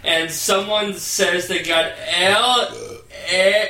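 Slow, bright-voiced crude man. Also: high-pitched, fairly even intonation, reverberant, far from the mic, poor audio. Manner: crude, shouting, slow drawn-out delivery. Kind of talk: casual chat.

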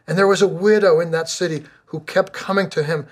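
A middle-aged pastor delivers a sermon with earnest conviction, his voice a little on the higher side and fairly even in intonation. To drive each point home, he slows down and leans on repeated phrases.

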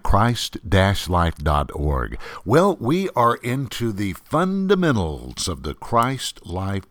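A man's voice: low-pitched, fairly bright tone, dry recording. A man hosting a weekly program, reading a scripted introduction in an announcer manner. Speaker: radio program host.

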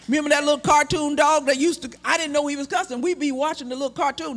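A man preaching a sermon, shouting and stretching out words for emphasis and acting out the people in his story. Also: very high voice, steady tone. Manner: shouting, drawn-out emphatic preaching with acted-out voices.

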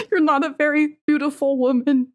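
A woman putting on an impression of a tearful, reverent middle-aged male pundit, speaking in a choked-up way. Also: sits high. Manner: solemn, choked-up delivery.

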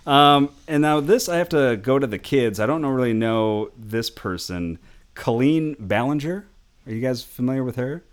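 A man's voice: medium pitch, lively intonation, moderate pace, smooth. A man hosting a casual podcast, rambling through entertainment news with frequent laughs and self-corrections. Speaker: podcast host.

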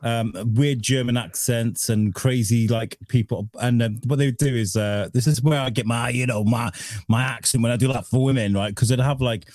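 A man's voice: mid-range voice, fairly even intonation, normal speed, a little mellow, no room sound, studio quality. A man co-hosting a casual podcast, joking and laughing often as he chats. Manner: laughing, jokey, puts on silly voices. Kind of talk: casual banter.

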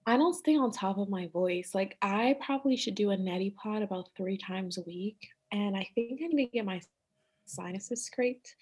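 A woman's voice: mid-range voice, moderate pace, darkish tone, husky. A woman co-hosting a podcast in casual chat, a little nasal at times, chatty and thinking aloud with frequent laughs. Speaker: podcast co-host.

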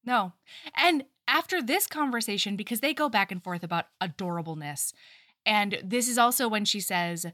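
A young woman co-hosting a book podcast, recorded close and dry with no room sound. She recaps the plot in a chatty, animated way, slipping into mocking voices for the characters. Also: fairly high pitch, moderate pace, no echo. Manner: animated retelling, acting out lines with mocking quotes. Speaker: podcast co-host. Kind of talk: casual book-discussion chat.

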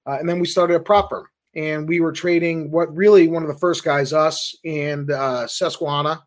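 Animated man telling trading stories. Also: a little high. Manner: animated anecdotes, quick asides. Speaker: guest, trading firm founder. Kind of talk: casual storytelling.

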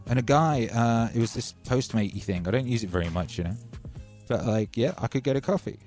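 A man's voice: medium pitch, animated, fairly quick, a little mellow, faint music behind. A man hosting a livestream, telling rambling, wry stories in a casual chat from home. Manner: chatty, wry storytelling with hype openers. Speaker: livestream host.

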